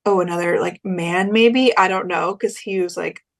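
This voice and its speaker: A woman's voice: on the low side, moderate pace, gravelly. A young woman co-hosting a podcast, telling a story in a chatty way and acting out the quoted lines. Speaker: podcast co-host. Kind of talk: casual chat.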